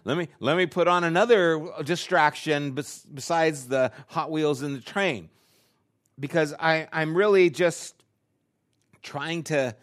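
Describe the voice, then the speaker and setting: Older male pastor, a bit higher-pitched, tells a family story from the pulpit and goes quiet for the serious points. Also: slow pace. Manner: storytelling, acting out his own dialogue; drops to a hushed, quiet delivery. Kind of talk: sermon.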